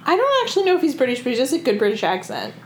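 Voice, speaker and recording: A woman's voice: sits high, wildly swooping pitch, very fast. Chatty woman in an echoey room. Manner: chatty, lots of fillers and swearing, laughs often. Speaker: podcast co-host. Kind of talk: casual book discussion chat. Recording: echoey room with faint background noise.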